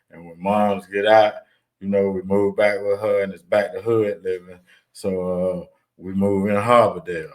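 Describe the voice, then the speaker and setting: A man tells stories from his childhood in a relaxed, rambling way. He speaks in a fairly low voice and keeps asking "right?" as he goes, with plenty of "uh"s between thoughts. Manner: loose and conversational, many "right?" tags and "uh" fillers. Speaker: storyteller recalling his childhood. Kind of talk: casual spoken storytelling.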